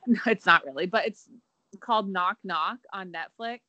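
A woman's voice: medium pitch, unhurried, pushed and bright, dry recording, poor audio. A young woman co-hosting a casual chat podcast, chatty and playful, filling her talk with "like". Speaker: podcast co-host.

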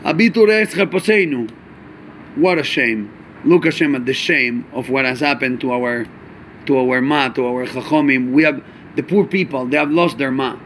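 A man teaching a chassidic Torah class, animated, asking rhetorical questions and mixing in Yiddish and Hebrew terms. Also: mid-range voice, normal speed, a little hiss or hum.

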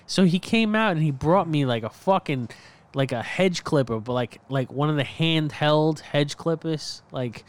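A man's voice: on the high side, expressive, unhurried. Guy on a podcast cursing a lot, telling work stories, laughs as he goes. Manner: swears a lot, tells anecdotes with laughs. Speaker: podcast co-host. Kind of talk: casual chat.

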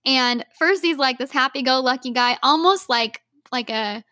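A young woman co-hosting a podcast, chatting casually and laughing easily as she fills her talk with "like". Her voice sits fairly high, and the sound is dry and close with almost no room. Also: moderate pace, pushed and bright, no room sound. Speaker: podcast co-host. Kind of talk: casual chat.

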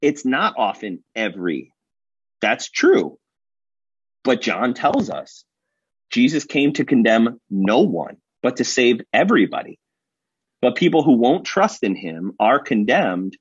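Husky-voiced animated male pastor. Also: mid-range voice, unhurried, no echo, highs cut off. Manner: animated, storytelling, acts out quotes. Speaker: guest pastor. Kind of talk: casual podcast discussion.

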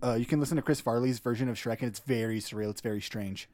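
Laid-back man co-hosting a podcast, cracking jokes and telling a long, rambling story. His voice sits mid-pitch and sounds dry and close. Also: quick pace, darkish tone, no echo. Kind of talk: casual storytelling chat.

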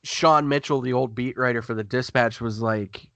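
A man's voice: mid-range voice, steady tone, normal speed, gravelly, fairly bright tone, no echo. A man talking as a guest sports writer in a casual podcast conversation, rambling through stories and acting out quotes as he goes. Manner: chatty, rambling storyteller who acts out quotes.

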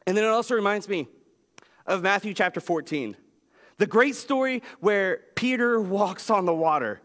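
A man preaching a sermon as pastor, telling a story with lively swings in pitch. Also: moderate pace. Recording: long reverb of a large hall.

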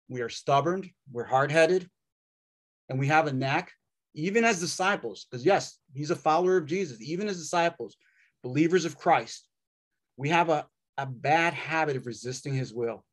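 A man delivers a sermon with a slightly higher-than-usual voice. He preaches in a wry, conversational way, leaning on dramatic pauses and dry asides.

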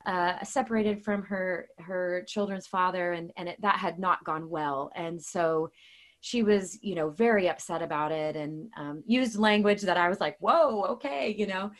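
A woman's voice: fairly low pitch, fairly even intonation, normal speed. A woman guest and author talking casually about faith, earnest and chatty, with many fillers and restarts. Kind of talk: casual faith talk with storytelling.

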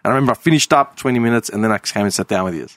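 A man's voice: lowish voice, very fast, a bit bright, no room sound, clean studio sound. A man with an Australian accent in casual chat, telling long stories and swearing freely.

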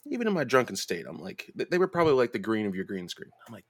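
A man hosting a podcast, telling a story in casual chat, profane and animated, jumping into high voices to mimic people. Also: quick pace, creaky, no echo. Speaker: podcast host.

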